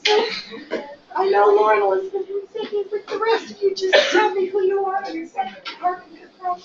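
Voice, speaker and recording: A woman in her sixties with a hoarse voice from coughing, leading a small-group class discussion as facilitator and department chair. She talks in a chatty, self-deprecating way and keeps asking the group questions. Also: very high voice, flat delivery, fairly quick, far from the mic. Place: classroom or meeting room. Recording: echoey lo-fi room recording with background noise.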